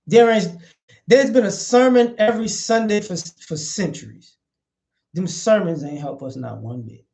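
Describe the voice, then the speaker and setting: A high-pitched man delivers a blunt, profane commentary vlog, hammering each point home by repeating short phrases in an emphatic, cutting way. His delivery is a little slow and a little mellow, with vocal fry.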